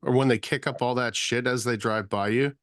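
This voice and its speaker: Animated man in casual banter. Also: medium pitch, fairly quick, a crowd in the background. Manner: animated, swearing, laughing banter. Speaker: podcast guest. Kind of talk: casual chat.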